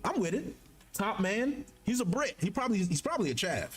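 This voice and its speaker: A young man on a live stream, reading a manga chapter aloud and joking about it in slangy, animated bursts. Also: high voice, fairly quick, slight background noise. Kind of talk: casual live-stream commentary.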